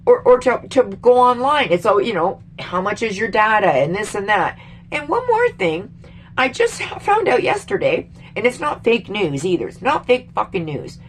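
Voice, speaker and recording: A middle-aged woman from Canada rants heatedly into her own vlog, swearing and emphatic, her pitch leaping up when she gets exasperated. Her voice sits at a middle pitch, with a faint noise underneath. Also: big pitch swings, normal speed. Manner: rambling with restarts and sudden jumps in pitch. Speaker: vlogger. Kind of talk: casual angry political rant.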